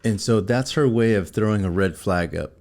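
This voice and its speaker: A middle-aged man co-hosting a faith-based conversation, explaining scripture in a relaxed, chatty way and laughing often. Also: lowish voice, moderate pace. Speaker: co-host. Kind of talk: faith-based casual chat.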